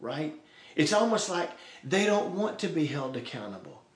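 A male pastor preaches a sermon, voicing God and sarcastic people in quoted asides. His voice is on the high side, very animated and at normal speed, set in a roomy echo.

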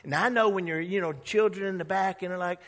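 Man, pastor, animated storytelling sermon, high voice, long hall reverb. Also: fairly quick. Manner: animated, acts out quoted voices. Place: church sanctuary.

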